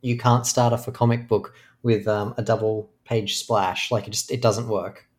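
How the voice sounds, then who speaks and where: A man's voice: lowish voice, little pitch movement, normal speed, a little mellow. A man co-hosting a podcast, eager and laughing often as he talks about comics. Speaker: podcast co-host. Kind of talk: casual comic book discussion.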